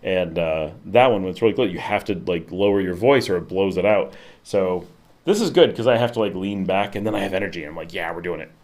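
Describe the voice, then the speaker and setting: A man's voice: sits low, brisk. Rambling man hosting a casual livestream. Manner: rambling, filler-heavy, lively swings in tone. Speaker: livestream host. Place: home office. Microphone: desk microphone.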